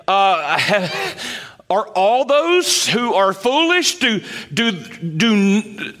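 A male pastor delivering a sermon, his voice sitting high for a man. He moves through scripture at an unhurried, measured pace and builds emphasis as he explains each verse. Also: fairly bright tone. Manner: slow, deliberate Bible exposition with rising emphasis.

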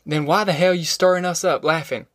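A man voicing a proud, stubborn farmer father in an audiobook, dignified and quick to anger, with a drawl. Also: a little high, steady tone, no room sound, studio quality, lightly acted. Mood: angry. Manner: dignified, stubborn, flaring angry.

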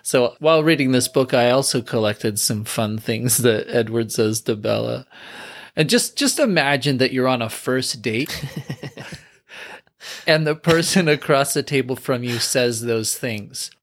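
A man's voice: mid-range voice, lively intonation, a little slow. A middle-aged man co-hosting a comedic book podcast, wry, with laughing asides. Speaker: podcast co-host.

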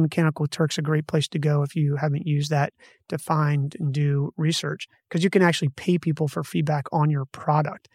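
A man's voice: fairly high pitch, no echo. Man hosting a dry, close-mic podcast. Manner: conversational, self-correcting, reads from notes. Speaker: podcast host. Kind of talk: solo podcast explaining a research study.

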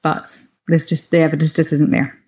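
Female expert, low-ish voice, measured explainer, dull lo-fi recording. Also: level tone, mellow. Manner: measured, explanatory, hedging on evidence. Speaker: nutrition expert co-host. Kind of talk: casual chat. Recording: dull lo-fi sound.

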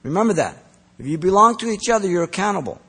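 A man delivers an earnest, emphatic sermon, his voice gravelly and a little husky. He swings from pressing emphasis to a soft, pleading tone. A long hall reverb trails behind each phrase. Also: high-pitched, big pitch swings, quick pace. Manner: earnest, emphatic, rising to strong emphasis then dropping soft. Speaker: preacher.

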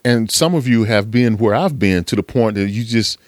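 A man delivers a motivational podcast monologue in a low, dry voice. He swears freely, presses his points over and over, and preaches with fired-up conviction. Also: moderate pace, no room sound. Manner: profane, fired-up preaching with frequent laughs. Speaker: podcast host.

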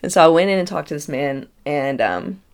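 A woman, telling a personal story in a casual, animated way, acting out dialogue and laughing often. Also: low voice, a little fast. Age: 30s.

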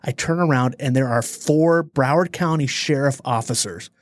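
A man co-hosting a podcast, telling a story in a lively, dramatic way. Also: mid-range voice, no echo, clean studio sound. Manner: animated storyteller, dramatic pauses. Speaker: podcast co-host. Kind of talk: casual storytelling chat.

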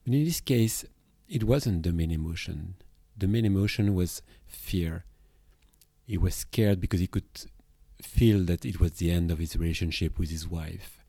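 Low, mellow Belgian-French man, reflective. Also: moderate pace, breathy edge, dry recording, studio quality. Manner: reflective, with hesitations and restarts. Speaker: therapist. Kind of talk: podcast monologue on emotions.

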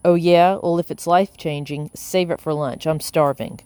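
A woman's voice: low-pitched, fairly even intonation, normal speed, darkish tone, smooth, dry recording, close to an everyday voice. A woman voicing a sardonic young woman in an audiobook, dry and teasing.

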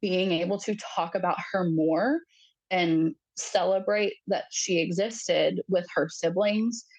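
Husky-voiced woman telling a personal story. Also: fairly low pitch, no room sound, poor audio. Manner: halting, frequent fillers, acts out quoted voices. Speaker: podcast guest.

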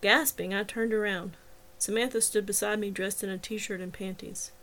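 Female author narrating her novel, first person, steady, mid-pitched voice. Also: normal speed, a little hiss or hum.

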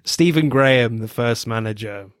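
A man's voice: mid-range voice, moderate pace, clear, resonant tone, no room sound, studio quality. Laughing man chatting about films. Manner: laughing, swearing, acting out film lines. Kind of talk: casual film review chat.

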